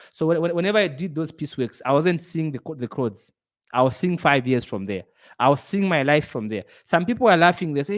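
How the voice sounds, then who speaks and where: An earnest middle-aged man delivering a motivational talk with a preachy, repetitive style. His voice sits a bit higher than most men's, and he drives home each point by saying it again. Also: expressive, a little fast. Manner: earnest, preachy, repeats phrases for emphasis. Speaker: business speaker.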